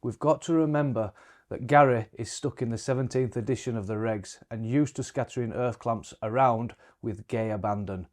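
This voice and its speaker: A man's voice: mid-range voice, moderate pace, darkish tone. A man presenting a scripted technical demonstration with dry, wry humour. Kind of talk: scripted how-to narration.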